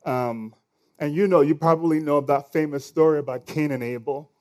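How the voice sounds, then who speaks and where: A man preaching a sermon in a conversational way, full of fillers, swinging between loud lines and hushed ones. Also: fairly high pitch, moderate pace.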